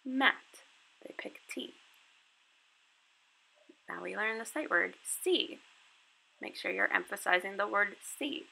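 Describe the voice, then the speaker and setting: Speaking at a slow pace with long pauses, this online English teacher has a medium-pitched voice that is creaky, pushed and bright, and slightly rough. In a casual screen-recording tutorial she chats through her lessons step by step, with plenty of casual fillers, and the audio quality is poor.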